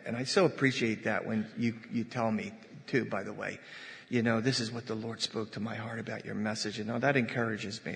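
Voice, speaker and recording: A man's voice: mid-range voice, gravelly, fairly bright tone. A man preaching a sermon as pastor in a church, conversational, with asides and jokes to his congregation. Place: church sanctuary. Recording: long reverb of a church hall.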